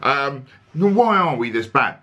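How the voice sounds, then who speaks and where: A man hosting a comic football vlog, talking deadpan and sarcastic with lots of fillers. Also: medium pitch, measured pace. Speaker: comedy vlog host. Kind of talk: comic monologue to camera.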